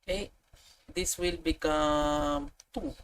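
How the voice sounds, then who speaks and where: Slow-talking woman tutoring math. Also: low voice, fairly even intonation, a little hiss or hum, low-quality recording. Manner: thinks aloud, self-correcting, chatty asides. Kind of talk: casual tutorial walkthrough.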